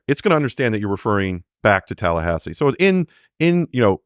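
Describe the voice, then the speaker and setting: A man with a fairly low voice talks through how technology works as a guest on an interview. He loosens up into chatty asides and acts out little quoted exchanges. The sound is dry and close, with no room around it. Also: big pitch swings, fast, dry recording. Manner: explains with quoted examples, many fillers. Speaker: AI developer guest. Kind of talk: conversational interview explanation.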